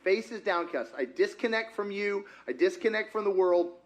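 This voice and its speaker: A pastor delivers a sermon in a fairly high voice for a man. He talks in a loose, animated way, stopping often to put questions to the congregation. He is speaking in a church. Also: normal speed. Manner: asks the congregation frequent questions; conversational and animated. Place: church sanctuary.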